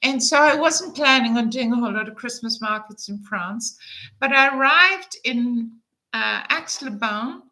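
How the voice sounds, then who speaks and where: A woman's voice: on the high side, measured pace, pushed and bright, poor audio. A woman in her fifties telling a travel story to camera in a chatty, enthusiastic way, with frequent fillers. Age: 50s. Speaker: travel vlogger.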